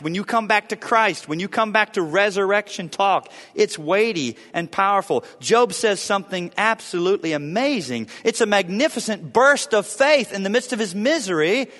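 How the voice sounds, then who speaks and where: Dramatic preacher man, high lively voice. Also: long reverb tail. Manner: dramatic preaching, swinging from booming emphasis to hushed lows. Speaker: pastor. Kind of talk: sermon.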